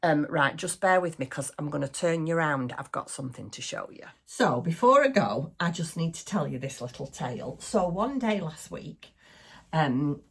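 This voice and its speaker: A middle-aged woman hosting a crafting channel, chatting excitedly to the camera at home and laughing often. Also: deep voice, husky. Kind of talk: casual chat to camera. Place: small home craft room.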